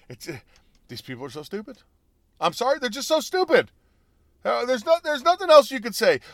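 A man with a high-pitched voice delivers ranting political commentary, heated and mocking. He stumbles, restarts and bursts into loud emphatic peaks. The sound is dry and close, with no room around it. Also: no room sound. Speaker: commentary show host.

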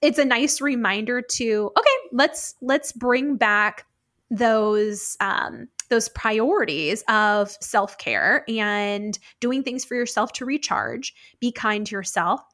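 A woman's voice: on the high side, slow pace, a bit bright. Chatty encouraging woman co-host. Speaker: podcast co-host. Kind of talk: casual chat.

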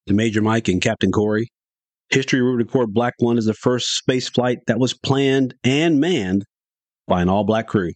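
A middle-aged man hosts a storytelling podcast in a folksy, rambling manner. His voice sits a little low. The recording is dry and close to the mic. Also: moderate pace, no echo.

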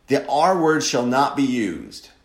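A man's voice: medium pitch, big pitch swings, slow. A man from Wisconsin giving a sardonic, opinionated monologue as a commentator, mocking and mimicking voices to make his point. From Wisconsin, USA. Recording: roomy echo.

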